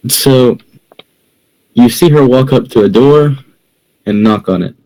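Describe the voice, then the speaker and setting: A man narrating a tabletop game as game master, calmly describing scenes to the players. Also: mid-range voice, poor audio. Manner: unhurried, describes scenes in second person.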